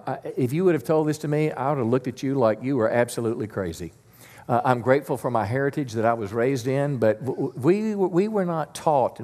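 A male pastor preaches a Sunday sermon in a middle-pitched voice, keeping it conversational and easygoing. He draws the congregation in, asking them to repeat key lines back to him. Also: a little mellow. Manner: conversational preacher, leads call-and-response. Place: church sanctuary.

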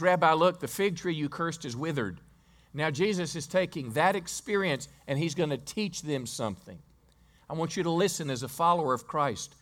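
A man's voice: a little high, fairly bright tone. A male pastor preaching a sermon in a church, telling a story and quizzing the congregation, often restarting his words.

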